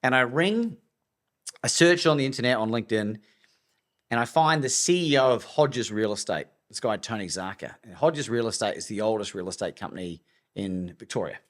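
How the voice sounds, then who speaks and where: An Australian man tells a story as a podcast guest, in a lowish voice. He is animated and acts out each side of the dialogue. He speaks like a coach and speaker who is used to holding a room. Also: moderate pace.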